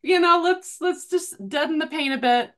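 A woman's voice: high voice, moderate pace, fairly bright tone. A woman hosting a podcast interview, chatting casually in an enthusiastic, giggly way. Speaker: podcast host.

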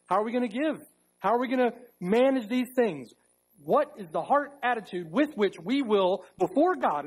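A male pastor delivers a sermon in a church with a high, husky voice. He preaches emphatically, repeating key phrases and drawing out words for weight. His delivery swings between pointed questions and firm answers. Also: poor audio. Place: church sanctuary.

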